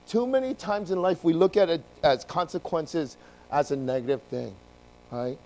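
Animated high-voiced male preacher. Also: normal speed, low-quality recording. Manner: animated storytelling, acts out voices; addresses congregation directly. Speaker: pastor. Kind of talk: sermon.

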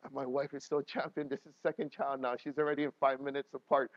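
A man in his thirties, a pastor telling personal stories in a sermon, emotional, swinging from quiet talk to loud laughing bursts. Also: mid-range voice, flat delivery, quick pace, dry recording, muffled recording.

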